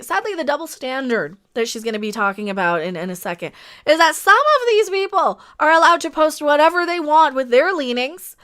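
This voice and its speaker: A woman hosts a livestream with a high, smooth voice. She rants with passion, stacking up rhetorical questions, and stops to read out viewer comments. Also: a bit bright. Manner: impassioned, ranting, reads viewer comments aloud. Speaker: livestream host.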